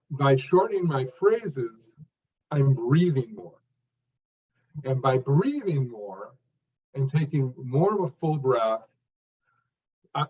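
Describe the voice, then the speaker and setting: A man's voice: medium pitch, a little mellow, recorded from a distance, highs cut off. A man giving an interview answer as a speech coach, talking in short emphasized phrases with frequent restarts.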